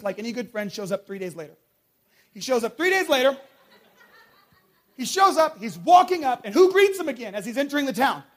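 Male preacher, high voice, passionate sermon delivery, loud peaks and hushed lows. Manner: passionate, swings from shouting to hushed.

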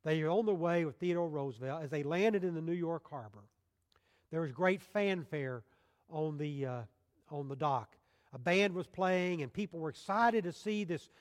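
Emphatic preacher in a reverberant hall. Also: male voice. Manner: swings from loud emphatic scripture quotes to soft, low pastoral appeals. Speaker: pastor. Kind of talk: sermon.

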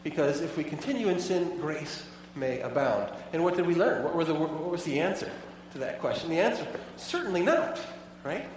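A man's voice: a little high, animated, normal speed, hardly any pauses, a little hiss or hum. A pastor preaching a sermon in a conversational way, asking his listeners many rhetorical questions. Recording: echoey hall, voice from far off.

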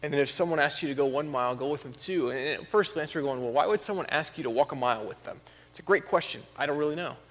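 A man's voice: on the high side, fast, a bit bright. Man preaching in a reverberant hall. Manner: conversational preaching, rising to emphatic peaks. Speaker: pastor. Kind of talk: sermon.

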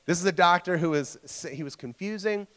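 A man's voice: sits high, moderate pace, fairly bright tone, long reverb tail. Chatty young-sounding male preacher. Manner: conversational, stumbles and repeats words, checks in with listeners. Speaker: preacher teaching a church group. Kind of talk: casual interactive sermon.

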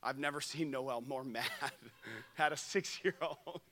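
A young man preaching a sermon at a camp, telling stories that swing from loud to hushed. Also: on the high side, unhurried, big-room sound, slight background noise. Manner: storytelling, shifts from loud to hushed. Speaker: pastor. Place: camp meeting room.

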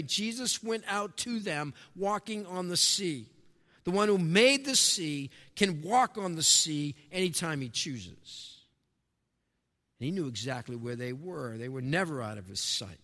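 Preaching man in a reverberant hall. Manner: dynamic preaching, swinging between emphatic highs and hushed lows. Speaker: pastor. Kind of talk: sermon.

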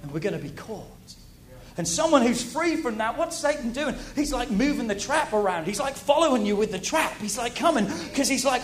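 A man preaching a sermon to a congregation, animated, repeating key phrases and asking the audience questions. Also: extremely high pitch, moderate pace, a little hiss or hum.

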